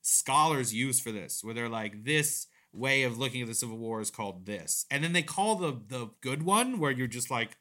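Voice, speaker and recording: A man co-hosting a podcast, telling rambling, animated stories full of swearing in casual chat. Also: medium pitch, moderate pace, hardly any pauses. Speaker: podcast co-host.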